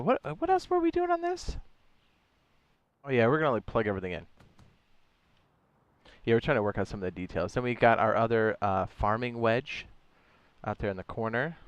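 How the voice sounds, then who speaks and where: Laid-back man with a smooth voice. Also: mid-range voice, no echo. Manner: relaxed, rambling, slangy ("dog", "my guy"). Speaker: game streamer. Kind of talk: casual livestream chat.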